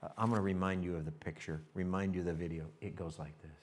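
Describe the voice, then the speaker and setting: A man's voice: sits low, fast. A male pastor preaching a sermon, telling a story with animation and talking straight to his congregation. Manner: animated storytelling, shifts to hushed reflection; talks directly to the congregation.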